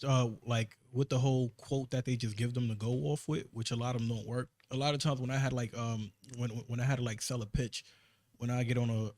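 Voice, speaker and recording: A man's voice: mid-range voice, a little mellow, no echo. A man with a New York accent on a casual podcast, telling work stories in an emphatic way, restarting his sentences often. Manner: fast, emphatic storytelling with repeated restarts. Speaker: podcast co-host. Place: podcast studio.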